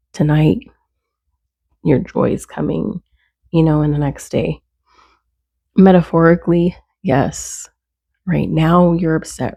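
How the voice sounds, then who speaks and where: A woman's voice: low-pitched, vocal fry, dark tone, husky, dry recording. A woman giving earnest, conversational faith encouragement, stacking short repeated phrases. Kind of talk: casual faith talk to camera.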